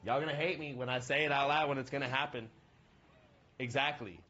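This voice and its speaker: Young man, gaming streamer, slangy casual chat, mid pitch, dull lo-fi sound. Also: brisk, bright, forceful tone, soft background music. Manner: rambling, slangy and joking.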